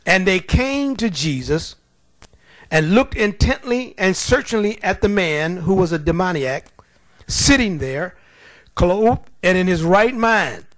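High-voiced preacher with dry, close sound. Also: male voice, expressive, measured pace, fairly bright tone, no echo. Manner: acts out demons' voices, laughs often. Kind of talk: sermon.

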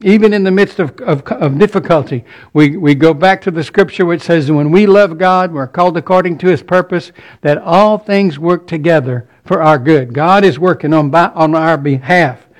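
A man's voice: on the high side, moderate pace, few pauses. A man preaching a sermon, earnest, often repeating words as he builds each point.

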